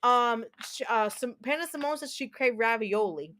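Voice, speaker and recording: During casual chat while gaming, a New Jersey woman in her thirties tells wandering stories and keeps restarting them, mic close by. Her fairly high, expressive voice is fairly bright and moves at a moderate pace.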